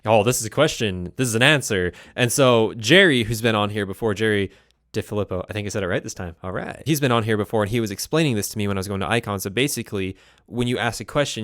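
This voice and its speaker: A man's voice: on the low side, a bit bright, dry recording, studio quality. A man hosting a music production show, giving rambling, digressive explanations and correcting himself as he goes. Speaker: host. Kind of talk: casual teaching chat.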